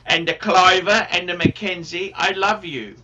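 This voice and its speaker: A man's voice: high-pitched, fairly even intonation, normal speed, dull audio, crowd noise. A man hosting a livestream, chatting casually and reading out donations, rambling and swearing freely. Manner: rambling, effusive, swears often. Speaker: livestream host.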